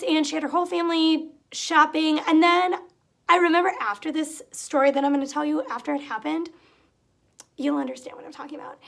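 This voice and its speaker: This young adult vlogger tells her retail tales in a high-pitched voice marked by vocal fry. Chatty and casual, she acts out customer remarks in exasperation. The setting is a room at home with a cat nearby.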